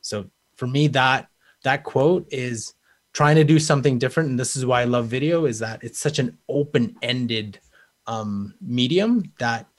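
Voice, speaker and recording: A man's voice: mid-range voice, a little slow. A man speaking as a panel guest in casual, conversational talk, thinking aloud as he goes. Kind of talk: casual chat.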